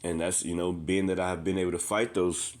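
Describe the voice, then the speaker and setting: A street preacher with a low voice talks briskly and flatly, preaching informally yet with passion. He repeats himself, often says "man," and reads scripture aloud between his own words.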